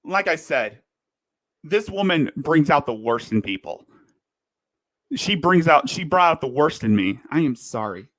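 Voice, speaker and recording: A man's voice: on the high side, expressive, unhurried, a bit bright, no room sound. A man in a heated, profane commentary rant, lurching between fury and apology. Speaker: livestream commentator. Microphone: desk microphone.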